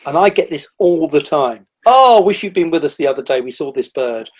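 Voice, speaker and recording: A middle-aged man, a guest on a podcast, telling animated stories about the wildlife he sees, with lively quoted asides. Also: fairly high pitch, fairly quick. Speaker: guest, nature writer. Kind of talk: casual conversational interview.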